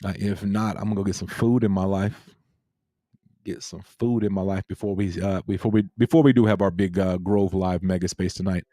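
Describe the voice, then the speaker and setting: A relaxed man chats through a livestream in a low, mellow voice. He rambles easily, repeats his phrases and greets viewers from the chat. The sound is dry and close. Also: fairly quick, no room sound. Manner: laid-back, repeats himself, reads chat aloud. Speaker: crypto livestream host.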